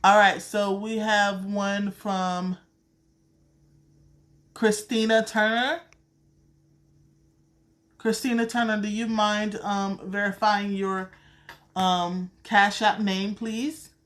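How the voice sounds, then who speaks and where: A woman's voice: mid-range voice, level tone, slow, a bit bright. A woman with a Southern accent, reading tarot cards on a casual live stream, blunt and profane, calling viewers sweetheart. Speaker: tarot card reader.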